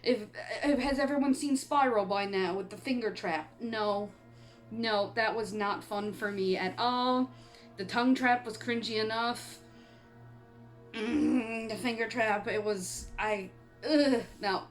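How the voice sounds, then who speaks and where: A woman's voice: on the high side, a little slow, soft background music. A woman from Canada chatting casually in a horror movie review vlog, rambling and laughing often, and she has the hiccups. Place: home on an island in eastern Canada.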